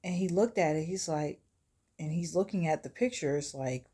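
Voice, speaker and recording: A woman telling a horror short story in a chatty, animated, casual way. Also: sits low, moderate pace, slightly rough.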